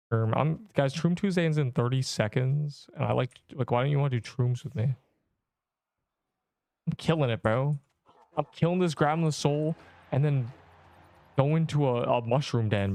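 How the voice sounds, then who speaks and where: A man's voice: medium pitch, creaky, darkish tone, no room sound. A young man chatting on a game livestream, rambling in slang and joking with mock outrage at his chat. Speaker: game streamer.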